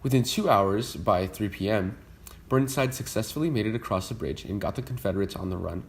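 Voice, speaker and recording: A man's voice: lowish voice, brisk, slight background noise. A young man narrating a scripted history school project, reading steadily with the odd slip. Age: young adult. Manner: reads steadily from a script, with small slips. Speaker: student presenter.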